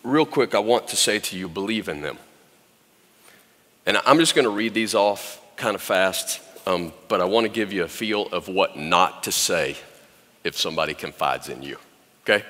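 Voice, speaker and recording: Earnest preacher man, bright tense voice. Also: sits low, moderate pace, big-room sound. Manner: earnest, urging, drives points home with repeated commands. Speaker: pastor. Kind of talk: sermon.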